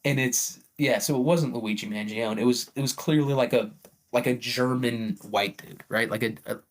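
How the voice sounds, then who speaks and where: A man's voice: mid-range voice, moderate pace. A man giving a casual comedic rant, crude and rambling, full of filler words and swearing. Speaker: comedy podcast host.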